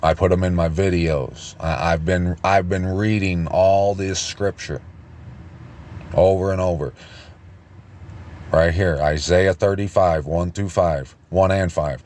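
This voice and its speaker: Slow, low-voiced man preaching with restarts. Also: darkish tone. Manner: rambling, halting with many restarts. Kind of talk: informal online teaching.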